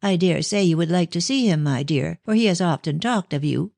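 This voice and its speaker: A woman's voice: on the low side, lively intonation, a little fast, gravelly, no echo. A woman voicing a talkative old nurse who fusses over a girl with fond, confiding talk. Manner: warm and fussing, with "my dear".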